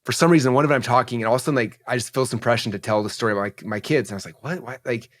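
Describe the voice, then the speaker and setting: A man in his forties tells a personal story as a podcast guest, talking quickly and rambling with many fillers. His voice sits at an ordinary middle pitch, and he sounds emotional and open. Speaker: entrepreneur guest. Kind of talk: candid interview storytelling.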